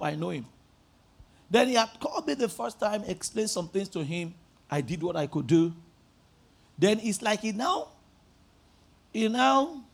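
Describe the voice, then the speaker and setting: A male pastor preaching a sermon, telling stories animatedly and rising to emphatic shouts. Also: high-pitched, gravelly, slightly rough. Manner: animated storytelling, acting out phone conversations.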